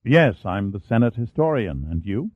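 A man's voice: on the low side, sing-song, moderate pace, slightly rough, no room sound. A man doing a genial American historian. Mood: friendly. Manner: genial, chatty. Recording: dry, tinny phone-like sound.

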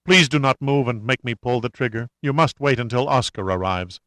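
A man's voice: medium pitch, brisk, fairly bright tone, dry recording, natural voice. Brief: remorseful woman in a storybook, trembling and pleading, voiced by a male narrator, dry close sound. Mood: shaken. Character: shaken remorseful woman conspirator. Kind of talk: audiobook character reading.

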